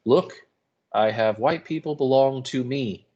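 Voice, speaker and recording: A man's voice: medium pitch, unhurried, dark tone, muffled recording, pitched above the performer's own voice, natural voice. A man voicing a desperate enslaved woman accused of witchcraft, speaking in a broken dialect in a play reading. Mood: frightened. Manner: broken dialect, pleading then furious.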